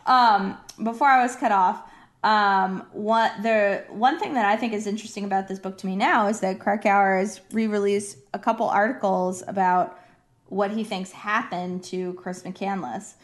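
A woman's voice: medium pitch, normal speed. Wry laid-back woman chatting about a book, um-ing as she thinks. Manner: relaxed, wry, thinking aloud with fillers. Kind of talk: casual book chat.

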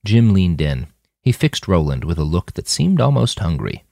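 A man narrating his own fiction with an expressive reading. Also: low voice, normal speed, vocal fry, dry recording, clean studio sound. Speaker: author and narrator.

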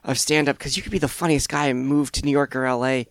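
A man's voice: medium pitch, steady tone, quick pace, no room sound. A man in his thirties, a stand-up comedian appearing as a podcast guest, telling stories in an easygoing, thoughtful way. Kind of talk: casual conversation.

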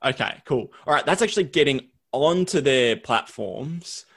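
A man's voice: mid-range voice, animated, normal speed, gravelly, a bit bright. Easygoing man hosting a podcast. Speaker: podcast host. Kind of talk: casual podcast interview.

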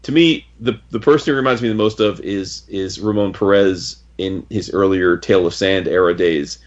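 A man's voice: low voice, moderate pace. A man casually reviewing a comic book on a podcast, enthusiastic and rambling, with frequent restarts. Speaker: podcast co-host. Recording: dull lo-fi audio.

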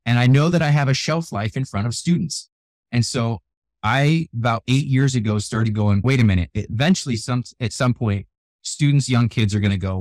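An older man with gray hair, a youth keynote speaker, telling animated stories in a radio interview. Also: mid-range voice, moderate pace, dry recording. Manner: energetic, animated storyteller who acts out quotes. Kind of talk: storytelling interview talk. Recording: dry close sound, radio show.

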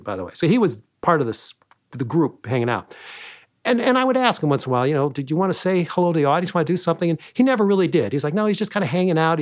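Man, fast talker, fairly high voice, former comedy club manager, animated storyteller. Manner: animated anecdotes, acting out quoted lines. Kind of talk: storytelling interview guest.

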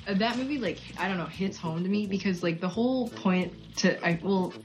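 A woman's voice: mid-range voice, fairly quick, slight background noise. A woman co-hosting a casual chat, telling anecdotes with fillers and giggles. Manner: chatty, giggly, many fillers. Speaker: podcast co-host.

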